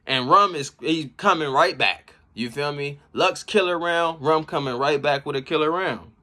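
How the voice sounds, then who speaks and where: A man giving casual, slangy commentary on rap battle bars. He reacts with laughs and shouts as he explains each line. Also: on the high side, normal speed. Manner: slangy street talk. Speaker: battle rap breakdown host.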